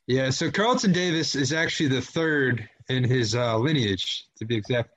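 A man's voice: mid-range voice, normal speed, a bit bright. A man co-hosting a casual sports chat, rambling along with lots of fillers and restarts. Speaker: podcast co-host.

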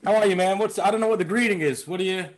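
Joking man comedian on a call. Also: high voice. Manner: joking, laughing, quick asides. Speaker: guest comedian. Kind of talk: casual chat.

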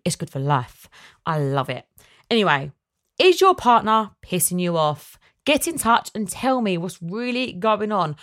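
A young woman hosts a casual solo podcast, chatting and ranting for fun, then reassuring her listeners. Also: mid-range voice. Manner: warm and reassuring when answering listeners. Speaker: podcast host.

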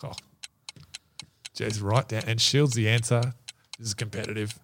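Male quiz host, gravelly low register, jokey, laughs easily. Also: fairly even intonation, normal speed, fairly bright tone, slight background noise. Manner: laughing, matey banter. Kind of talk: casual podcast quiz.

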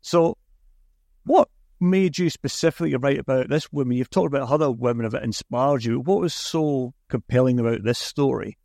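A man hosting a podcast interview, chatty and given to quick restarts. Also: medium pitch, creaky, darkish tone, no echo, studio quality. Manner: chatty, self-correcting restarts. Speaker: podcast host.

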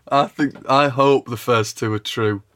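A man's voice: mid-range voice, fairly bright tone. A man co-hosting a casual comedy podcast chat, laughing often and teasing his friend. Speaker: podcast co-host.

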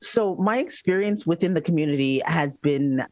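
A woman's voice: sits low, normal speed, dry recording. Earnest woman guest on dry, dull audio. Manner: earnest, says "like" often, animated retelling. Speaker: podcast guest. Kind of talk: candid conversational chat.

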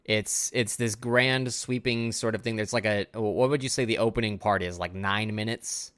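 A man's voice: on the low side, fairly even intonation, moderate pace, a bit bright, clean tone, no echo, studio quality. A tired man co-hosting a podcast, rambling through a casual music discussion with lots of filler words. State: tired, yawning. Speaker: podcast co-host.

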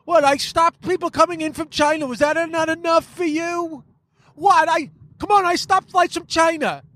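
A man's voice: fairly even intonation, normal speed, a bit bright. A man doing a whiny, petulant man-child leader. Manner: high whining complaints.

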